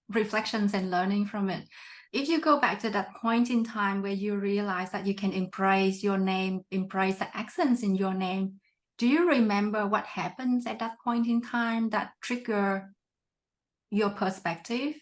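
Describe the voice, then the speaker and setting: Thoughtful woman host asking questions. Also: mid-range voice. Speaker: podcast host. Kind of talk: interview questions.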